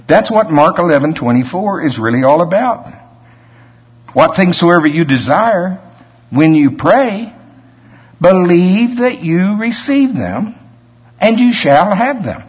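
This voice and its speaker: Male preacher, mid-pitched husky voice, folksy storytelling sermon, dull lo-fi recording. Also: lively intonation, normal speed. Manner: conversational, storytelling preaching with asides and chuckles.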